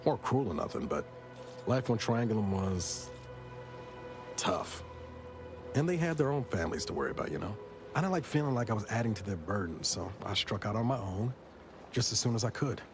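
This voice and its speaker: A weary, wry space agent. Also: male voice, on the low side, expressive, fairly quick, pauses often. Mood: wistful. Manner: dry, wry and reflective. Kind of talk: game dialogue. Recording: game audio with music behind.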